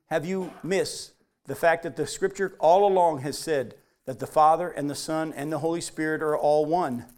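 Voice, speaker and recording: A man preaching a sermon, reading scripture aloud and driving points home with animated emphasis. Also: fairly high pitch, moderate pace. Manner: animated preaching, voice rising on quotes. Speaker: pastor.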